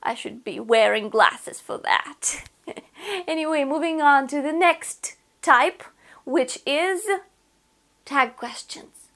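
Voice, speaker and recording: Woman teacher, high voice, online lesson, patient step-by-step explainer. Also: slow pace, creaky, fairly bright tone. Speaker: language teacher.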